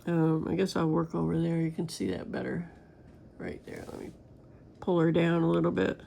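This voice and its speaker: Gravelly-voiced woman chatting casually. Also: low-pitched, normal speed, dark tone, a little hiss or hum. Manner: rambling, chatty, talks straight to viewers. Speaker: crafting vlogger. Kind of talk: casual chat while diamond painting.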